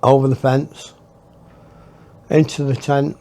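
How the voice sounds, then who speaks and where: A man's voice: mid-range voice, level tone, slow pace, warm tone. A man telling his memoir in a rambling, reflective way. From northern England. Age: 60s. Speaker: storyteller. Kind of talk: memoir storytelling.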